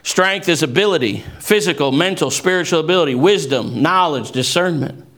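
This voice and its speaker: A preacher man with a high, bright, ringing voice delivers an impassioned sermon. He quotes scripture and swings between hushed, low passages and shouted, soaring declarations. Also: moderate pace. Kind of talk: fervent sermon.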